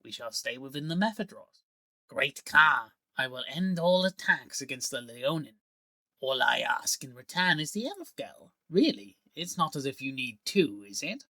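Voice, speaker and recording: A man's voice: mid-range voice, sing-song, moderate pace, sharp tone, no echo, exaggerated voice. A man voicing a cold, menacing male villain who speaks through a severed head with a sneering, taunting manner.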